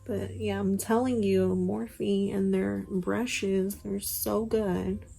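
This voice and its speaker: A woman's voice: mid-range voice, level tone, takes it slowly, vocal fry, warm tone, breathy edge, low-quality recording. A young woman chatting casually through a makeup tutorial, rambling with lots of fillers, recorded on a phone at home. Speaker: beauty vlogger. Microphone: phone camera.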